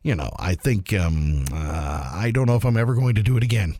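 A man's voice: low-pitched, a little fast, dark tone, no room sound. A man hosting a podcast in casual chat, rambling and swearing with self-mocking humor. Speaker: podcast host.

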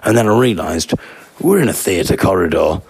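Male podcast host, husky, rambling self-deprecating raconteur. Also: low voice, expressive, normal speed, darkish tone, dry recording. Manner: rambling, self-deprecating storytelling with vocal sound effects. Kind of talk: comic anecdote.

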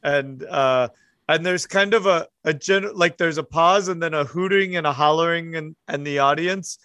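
A man's voice: a little high, moderate pace, sharp tone, no echo, clean studio sound. A man narrating a tabletop horror game as game master, hesitant, with many fillers and restarts.

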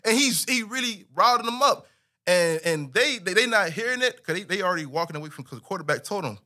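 Young male storyteller, casual and slangy, pitched a touch high, lively delivery. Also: a little fast. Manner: animated, slangy, full of restarts.

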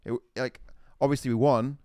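A man's voice: medium pitch, fairly even intonation, fairly quick, a little mellow, smooth, no echo, clean studio sound. A man co-hosting a gaming podcast, explaining things emphatically in casual chat. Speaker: podcast co-host.

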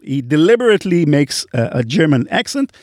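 A man's voice: a little high, big pitch swings, a little fast, darkish tone, no room sound, studio quality. A man with a Hebrew accent, a podcast host chatting on a live panel, often laughing as he talks.

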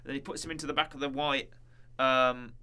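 A man's voice: mid-range voice, flat delivery, a little fast, pushed and bright, clear, resonant tone. A man co-hosting a casual chat, rambling and joking with many fillers. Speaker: podcast co-host.

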